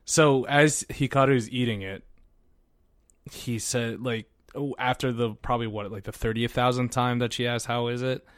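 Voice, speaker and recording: Male podcast co-host, mid pitch, chatty and animated, dry close-miked sound. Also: normal speed, no echo. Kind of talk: casual chat.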